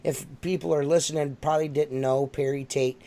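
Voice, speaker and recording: High gravelly-voiced man chatting. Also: steady tone, fairly quick, mellow. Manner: swearing, laughing storyteller. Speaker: podcast host. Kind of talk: casual chat.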